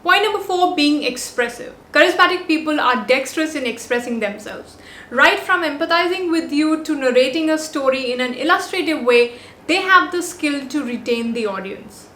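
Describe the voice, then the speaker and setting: A woman's voice: high voice, expressive, moderate pace, pushed and bright, a little hiss or hum. A woman hosting a body language vlog, giving upbeat, emphatic scripted advice point by point. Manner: upbeat, emphatic list delivery. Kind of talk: scripted talking-head advice. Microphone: compact on-camera mic. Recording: roomy echo.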